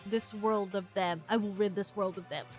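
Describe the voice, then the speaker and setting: A woman's voice: medium pitch, fairly even intonation, normal speed, soft background music, pitched below the performer's own voice, natural voice. A woman voicing a haughty, condescending young man from a game, reading his lines in a stiff, imperious way.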